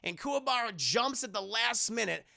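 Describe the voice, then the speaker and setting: A man recapping an anime episode for his live chat, excited and swearing freely. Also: very high-pitched, moderate pace, creaky. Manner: profane, excited, addresses the chat. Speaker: anime reviewer.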